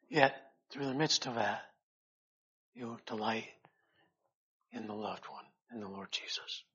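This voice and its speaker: A man preaching a sermon in a slow, earnest way, rising loud and then dropping to a hush. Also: mid-range voice, sing-song, gravelly, breathy edge, highs cut off.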